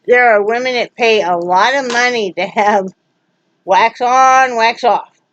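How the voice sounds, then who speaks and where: A woman's voice: on the high side, unhurried, a bit bright, dull audio, a little hiss or hum. A woman vlogging from home in a casual, rambling way, joking and full of fillers. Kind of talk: casual vlog chat.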